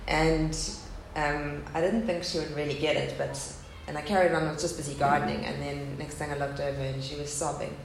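A woman's voice: low voice, flat delivery, brisk, gravelly, hardly any pauses. A woman in her thirties giving a candid, earnest personal testimony talk to an audience at a faith gathering. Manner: candid and earnest, speaking of loss. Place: hall with a live audience. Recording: echoey hall, faint background hum.

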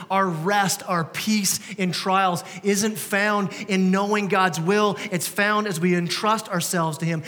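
Here a thirtysomething pastor gives a sermon, his high voice fairly bright. He speaks in a conversational way and poses plenty of rhetorical questions to the congregation, with the sanctuary's long church-hall reverb around him.

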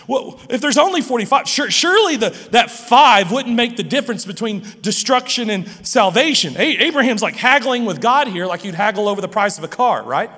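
A man preaching a sermon as pastor, lively and animated, often stammering and restarting his phrases. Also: sits high, brisk, hardly any pauses, in a large hall.

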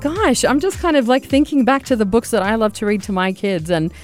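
A woman's voice: on the high side, brisk, faint music behind. Bubbly woman radio host. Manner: bubbly, laughs often, upbeat. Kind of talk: casual radio talk. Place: radio studio.

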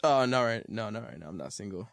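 A man being interviewed as a rapper, relaxed and slangy, laughing often. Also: lowish voice, quick pace, gravelly, dry recording. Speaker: rapper, guest. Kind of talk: casual interview chat.

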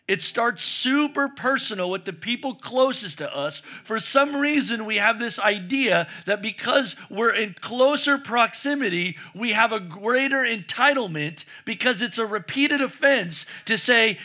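A man's voice: very high voice, animated, measured pace, hardly any pauses, sharp tone. A man preaching a sermon as pastor, driving points home with emphatic repetition.

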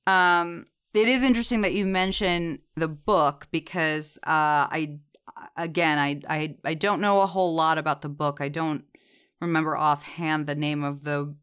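A podcast co-host reviewing a TV series, this woman has a low, clear, resonant voice with a fairly bright tone, fairly even intonation, and normal speed. Her casual chat is digressive, filler-heavy, and punctuated by frequent laughter.

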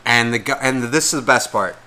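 Man, podcast co-host, bright forceful voice, casual rant, swears constantly, mimics other people. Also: medium pitch, brisk. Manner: heavy swearing, rambling and exasperated; acts out the voices of people in his stories.

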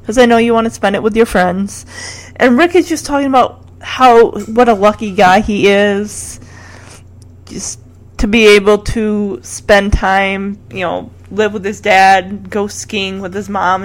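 A woman's voice: mid-range voice, a little slow. A woman recapping a TV episode in a chatty, opinionated and exasperated way. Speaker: TV recap vlogger.

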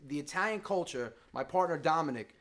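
A man, a comedian guest talking in a casual podcast chat, emphatic and animated. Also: fairly high pitch, fairly quick.

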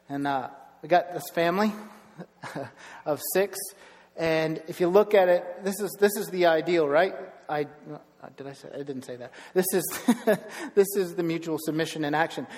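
A man's voice: a little high, in a large hall. A man preaching a sermon as pastor, conversational, with frequent restarts and asides.

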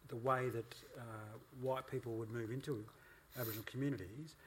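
Male interviewer, mid-range voice, measured questions, faint ambience behind. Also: medium pitch, fairly even intonation, slight background noise. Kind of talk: conversational interview.

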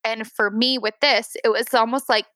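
A woman in her thirties telling an emotional personal story as a podcast guest, teary and halting, with many restarts and fillers. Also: a little high, steady tone, a bit bright, no echo.

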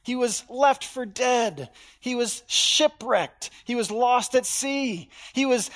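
A man preaching a sermon, dropping to a hush and then rising loud as he acts out voices. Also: very high voice, slow pace. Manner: dramatic, swings from hushed to loud, acts out voices in quotes. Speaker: pastor.

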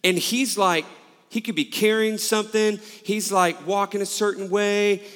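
A man's voice: high voice, fairly even intonation, unhurried, a bit bright. A male pastor preaching a sermon, telling a personal story with candid, self-mocking humor. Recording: long hall reverb.

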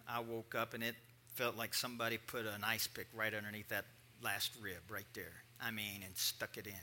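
A middle-aged male pastor telling a personal story in a sermon, animated and acting out the people in it. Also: mid-range voice.

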